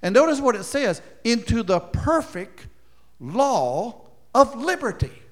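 A man preaching a sermon as pastor, moving between loud emphatic points and quiet, chuckling asides. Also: very high-pitched, sing-song, slow.

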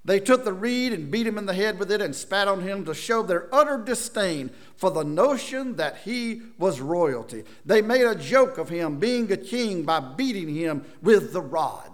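Dramatic preacher man, lively pitch. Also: normal speed, hardly any pauses. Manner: dramatic, swings from loud bursts to hushed near-whispers. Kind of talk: sermon.

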